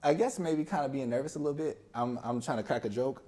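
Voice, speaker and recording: Mellow-voiced man telling a personal story. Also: mid-range voice, fast talker. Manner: relaxed, conversational, acts out both sides of a talk. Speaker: podcast guest. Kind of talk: casual storytelling.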